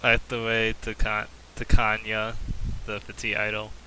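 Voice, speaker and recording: A man co-hosting a casual anime podcast, adding quiet, low-key short comments. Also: completely flat delivery, normal speed, smooth, rough recording. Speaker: podcast co-host. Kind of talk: casual anime review chat.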